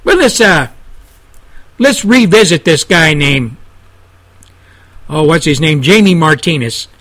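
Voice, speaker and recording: A man's voice: on the high side, expressive, takes it slowly, fairly bright tone. A man hosting a radio show, delivering a blunt, indignant, profane political rant. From Texas. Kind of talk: angry political radio monologue.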